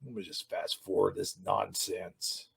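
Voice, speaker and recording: A man reviewing another YouTube channel in an angry, sarcastic rant, swearing and shouting often. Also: deep voice, flat delivery, measured pace, vocal fry, breathy edge. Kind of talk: ranting video commentary.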